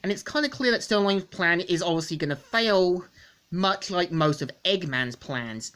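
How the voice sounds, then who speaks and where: Comic reviewer, woman, lowish voice, loose rambling recap. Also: expressive, normal speed, a bit bright. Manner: rambling, repeats stock phrases. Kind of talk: casual plot recap.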